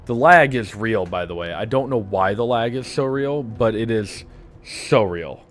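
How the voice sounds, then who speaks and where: A man's voice: lowish voice, lively intonation, unhurried, a little hiss or hum. A young adult man with a lisp chatting casually while streaming a game, rambling and joking with lots of filler words. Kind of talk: casual live-stream commentary.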